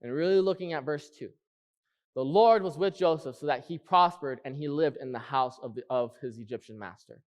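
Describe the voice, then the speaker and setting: A man preaching a sermon in church, earnest, repeating key phrases and slowing down to stress them. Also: on the high side.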